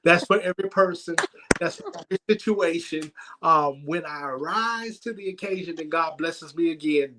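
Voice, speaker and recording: A man hosting a comedic church livestream, telling stories in a lively way with frequent stammered restarts. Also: fairly high pitch, low-quality recording. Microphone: livestream microphone.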